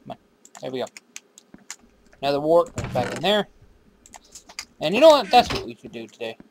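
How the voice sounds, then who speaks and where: A man's voice: medium pitch, animated, brisk, a little hiss or hum. A man hosting his own game series in casual commentary, rambling, swearing freely and talking back to the characters on screen. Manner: drifts into random put-on accents.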